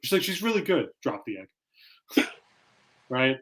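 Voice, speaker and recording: A man, co-hosting a casual sports podcast and telling family stories with lively acted-out quotes. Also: mid-range voice, slow. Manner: animated storytelling, acts out quoted lines. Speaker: podcast co-host. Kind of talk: casual chat.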